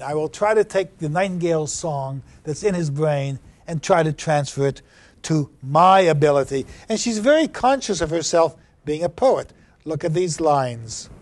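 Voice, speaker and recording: Guy lecturing on poems, talks slow and careful, voice a bit high. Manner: slow, deliberate, reads verse aloud with rising emphasis. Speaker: university lecturer. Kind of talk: classroom lecture on poetry. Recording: 2009 classroom lecture recording.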